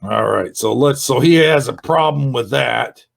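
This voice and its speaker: A man reviewing another YouTube channel in an angry, sarcastic rant, swearing and shouting often. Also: medium pitch, measured pace, gravelly. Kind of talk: ranting video commentary.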